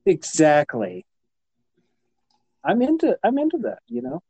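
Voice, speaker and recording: A man's voice: high-pitched, huge pitch swings, measured pace, dark tone, husky, dry recording, muffled recording. A man co-hosting a podcast in casual chat, rambling and hesitant and easily flustered. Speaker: podcast co-host.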